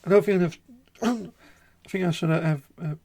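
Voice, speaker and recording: A man streaming a point-and-click game, chatting casually and reading the on-screen text aloud in a halting way, often repeating words. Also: high voice, warm tone.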